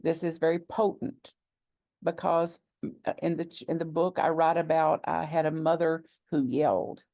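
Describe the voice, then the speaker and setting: A woman minister speaks in a low, deeply gravelly voice, teaching a gathered congregation. She talks deliberately and reflectively, coming back to key phrases to stress them. Her voice is captured close and dry, with little room sound. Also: flat delivery, no room sound, highs cut off. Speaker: minister and author. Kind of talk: teaching talk to a live congregation. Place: gathering with a live audience.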